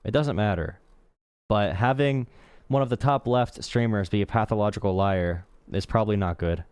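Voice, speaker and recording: A man talks casually to his live-stream audience, blunt and mocking, often repeating his points. His voice is low and smooth, and the recording is dry, with no room sound. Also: normal speed, darkish tone, no echo. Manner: blunt, sarcastic, repeats himself. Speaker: streamer host.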